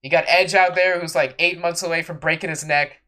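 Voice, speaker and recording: Guy on a wrestling podcast going off, high bright voice, sarcastic and fed up. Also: fairly even intonation, fairly quick. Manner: sarcastic, exasperated ranting. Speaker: podcast co-host. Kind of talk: casual wrestling podcast rant.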